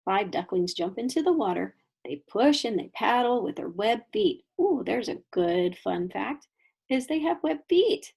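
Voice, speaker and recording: Lively kindergarten teacher, gravelly and husky. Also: female voice, medium pitch, measured pace. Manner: animated, questioning storybook voice for children. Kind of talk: reading a picture book aloud with explanations.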